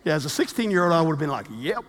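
A pastor in his fifties preaching a sermon with animated storytelling, acting out the quotes he tells. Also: fairly high pitch, very fast, big-room sound, slight background noise.

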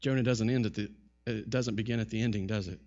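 A man's voice: fairly low pitch, fairly even intonation, fast, a little mellow, dull audio. A male pastor preaching a sermon emphatically, asking many rhetorical questions and often repeating words.

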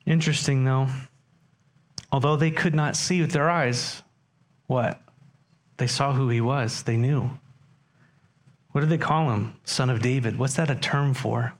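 A man's voice: mid-range voice, a little slow, long pauses. A man preaching a sermon as pastor, talking conversationally and putting questions to his congregation.

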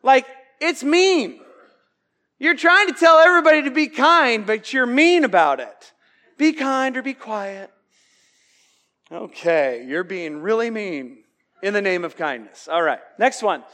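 A man's voice: high-pitched, sing-song, unhurried, pushed and bright. A man preaching a sermon as pastor, conversational and emphatic, with joking asides.

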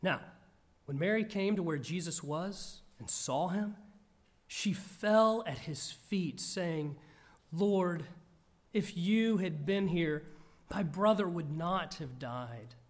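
Male preacher, earnest scripture reading, high voice, deliberate pace. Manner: slow, measured, earnest delivery.

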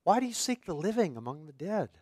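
A man delivering a sermon, his voice sitting a little higher than most men's. He reads scripture and declaims questions with swelling force, heard close and dry with little room sound. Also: big pitch swings, fast, a little mellow, no room sound. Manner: reads scripture then preaches, voicing biblical questions with rising intensity. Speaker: pastor.

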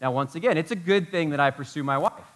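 Pastor, male, sermon delivery, emphatic and animated, voice sits a bit high. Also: quick pace. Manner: animated, emphatic, full of rhetorical questions.

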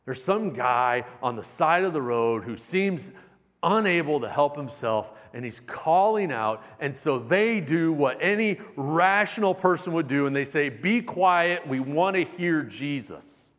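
A man preaching a sermon as a pastor, animated, shifting between loud emphatic bursts and soft, intimate passages. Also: fairly high pitch, a little slow, big-room sound.

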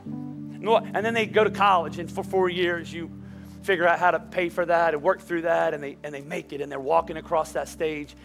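Male pastor, middle-aged, high tenor, animated sermon delivery, faint instrument in the background. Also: brisk, gravelly, faint music behind. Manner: animated, shifting from quiet storytelling to shouting. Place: church sanctuary.

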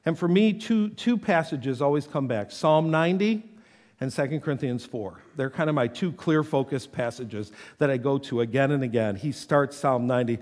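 A man's voice: mid-range voice, moderate pace, a little mellow, big-room sound. A man preaching a sermon, reading scripture aloud with dramatic intensity. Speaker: pastor.

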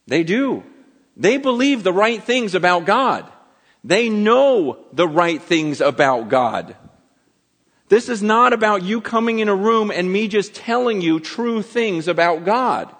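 A man preaching with a fairly high voice, earnest and urgent, stumbling over repeated words as he drives his point home. His voice rings with the long reverb of a large hall. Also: expressive, slow. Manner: earnest, repeats words and restarts, swings between soft and emphatic. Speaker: pastor. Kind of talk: sermon.

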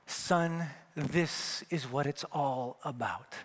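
A man's voice: a little high, slow. A middle-aged male pastor from Wyoming preaching a sermon, telling a story and acting out the dialogue with rising emphasis.

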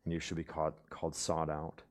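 A young adult male pastor preaching a sermon, swinging from emphatic outbursts to hushed, near-whispered passages, with conversational asides. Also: very deep voice, completely flat delivery, fast. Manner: conversational, with frequent "right?" asides.

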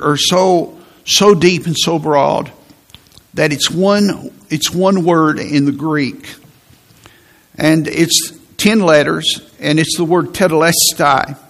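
Male pastor, sermon delivery, slightly high voice, emphatic and repetitive. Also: fairly bright tone. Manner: emphatic preaching with repeated phrases and restarts.

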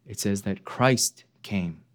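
Speaking slowly and earnestly, a male pastor preaches, posing questions he doesn't expect answered and sinking his voice low whenever a point needs to land.

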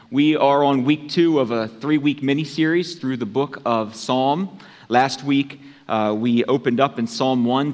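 A man preaching a sermon as pastor, in an unhurried, conversational way that lifts for emphasis. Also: medium pitch. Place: church sanctuary. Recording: long church hall reverb.

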